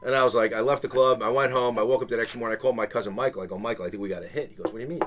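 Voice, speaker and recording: A man's voice: medium pitch, very fast, a little hiss or hum. A man, telling a long business story on a podcast and acting out the people in it. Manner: animated, acts out quoted people. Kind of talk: casual storytelling.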